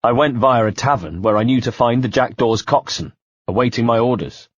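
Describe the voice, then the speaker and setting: A man narrating an audiobook in the first person, measured and quietly tense. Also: mid-range voice, dry recording. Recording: dull dry home-studio sound.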